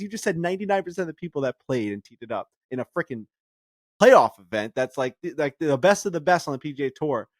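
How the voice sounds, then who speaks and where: Animated man on a golf podcast. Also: a little high, fast talker, no echo, studio quality. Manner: animated, swings loud when worked up. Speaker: podcast co-host. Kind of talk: casual chat.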